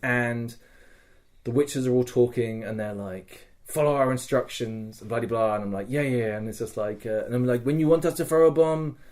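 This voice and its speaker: A man co-hosting a podcast, telling a story in a casual, excitable way, swearing often and acting out other people's lines. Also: medium pitch, moderate pace. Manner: swears a lot, animated retelling with quoted voices. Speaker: podcast co-host.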